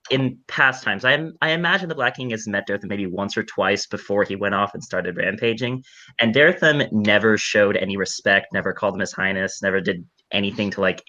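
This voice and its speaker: A man's voice: on the low side, pushed and bright, muffled recording. A man playing a tabletop game, describing his character's actions hesitantly with many fillers. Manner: hesitant, thoughtful narration full of fillers. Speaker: player.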